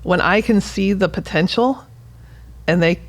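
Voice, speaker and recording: Female physical therapist guest, slightly gravelly, earnest, animated in casual chat. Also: mid-range voice, a little slow. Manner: earnest, expressive, laughs easily. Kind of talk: casual conversation.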